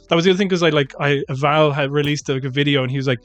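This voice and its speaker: A man co-hosting a podcast, rambling and animated in casual chat, swearing freely. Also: on the high side, rapid-fire, few pauses, soft background music. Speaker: podcast co-host.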